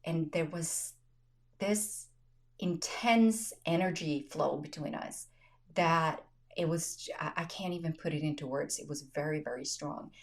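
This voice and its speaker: Animated laughing woman telling a story. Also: sits low, measured pace. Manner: animated storyteller, laughs often, acts out quotes. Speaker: podcast host. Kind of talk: casual conversation, storytelling.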